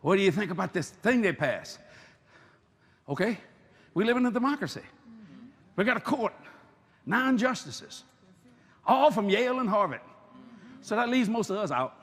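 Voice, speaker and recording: A male preacher, telling stories in a sermon, animated and joking, bursting into shouted emphasis. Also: very high voice. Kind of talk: sermon with storytelling.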